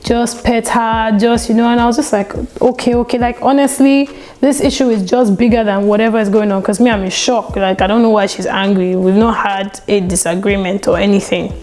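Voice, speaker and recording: A young woman telling a story on her vlog in a chatty, animated way, full of "like" and "you know.". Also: mid-range voice, a little fast, few pauses, rough recording. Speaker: vlogger.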